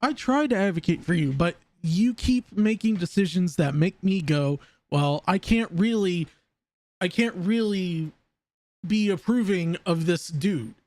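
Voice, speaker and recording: A man's voice: high-pitched, unhurried, darkish tone, no echo. A man live-streaming casual commentary, rambling and often stammering over repeated words.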